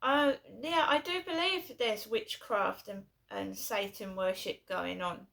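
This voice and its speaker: Bright-voiced rambling woman vlogger. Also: medium pitch, slow, gravelly. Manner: rambling, repeats herself, many fillers and restarts. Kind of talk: rambling personal storytelling.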